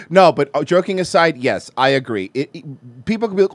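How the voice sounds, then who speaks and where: Lively high-ish dude ranting and joking, dry close mic. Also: male voice, moderate pace, husky, no echo. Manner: animated, crude, joking. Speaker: podcast co-host. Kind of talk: casual chat.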